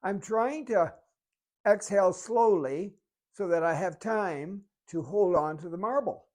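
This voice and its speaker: A fitness instructor giving calm, step-by-step exercise coaching while demonstrating the moves. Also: mid-range voice, measured pace.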